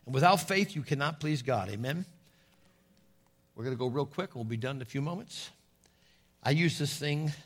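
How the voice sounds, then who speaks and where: A man's voice: a little high, breathy edge. A middle-aged man preaching a sermon in a folksy storytelling way, calling out to his congregation.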